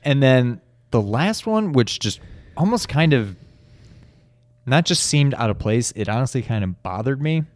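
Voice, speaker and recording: A man's voice: medium pitch, sing-song, measured pace, dry recording. A man co-hosting a podcast, musing in an easygoing, reflective way in casual chat. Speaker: video game podcast co-host.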